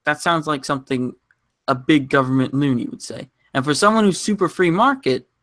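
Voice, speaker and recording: A man's voice: on the high side, brisk, a bit bright, no echo, studio quality. A man arguing his point emphatically in a casual debate on a live stream. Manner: argumentative, emphatic.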